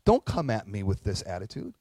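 A man's voice: fairly low pitch, huge pitch swings, fairly quick, mellow, no room sound, voice pushed down. A man voicing a wealthy male vineyard owner who talks in an easy, offhand way. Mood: breezy.

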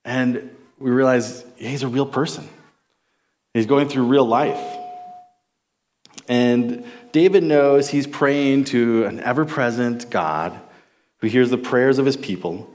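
A man's voice: medium pitch, slow pace, long pauses, a little mellow. A man in his forties from Minnesota, teaching on a psalm in a casual, enthusiastic sermon style with frequent restarts. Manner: enthusiastic, conversational, with many restarts. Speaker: Bible teacher.

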